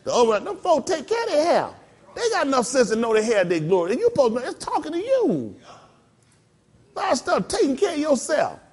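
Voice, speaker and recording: A man preaching a sermon as pastor in a folksy, animated way, slipping into mock voices and laughing along with the congregation. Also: very high voice, a little fast.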